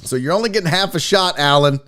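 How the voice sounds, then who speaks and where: A man hosting a sports talk livestream, a little drunk, joking loudly with his chat and swearing often. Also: on the high side, fast. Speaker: sports talk show host.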